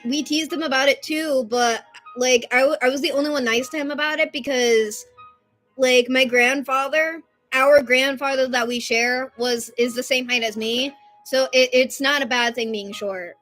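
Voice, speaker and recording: A young woman in her twenties hosts a casual live stream, chatting and rambling through stories and getting loud at times. Her voice is fairly high and very bright. Soft music plays quietly behind her. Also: steady tone, normal speed.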